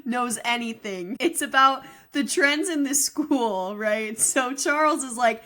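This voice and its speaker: A woman's voice: a little high, slow pace. A woman co-hosting a podcast, casually retelling movie scenes and acting out the characters' lines. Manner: animated storyteller, acts out quoted dialogue. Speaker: podcast co-host. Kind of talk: casual movie recap chat.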